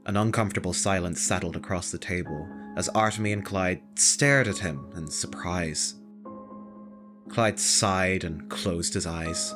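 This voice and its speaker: A reader narrating a visual novel in a steady, dramatic storybook manner. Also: low-pitched, a little slow, music in the background.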